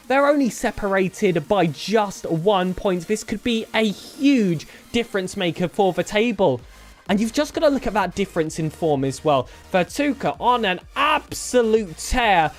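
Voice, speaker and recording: A man, casting an esports match preview in an upbeat, chatty manner. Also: high-pitched. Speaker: esports caster.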